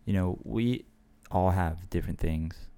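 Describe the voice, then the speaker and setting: A man's voice: low-pitched, measured pace, creaky, dark tone. A man in casual conversation, speaking earnestly and reflectively about faith and serving others. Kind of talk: casual chat.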